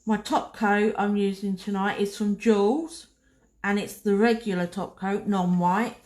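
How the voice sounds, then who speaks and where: A woman's voice: mid-range voice, steady tone, a little slow, darkish tone. A woman giving a chatty, casual nail art tutorial, talking herself through each step as she paints. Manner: chatty, talks to herself while working.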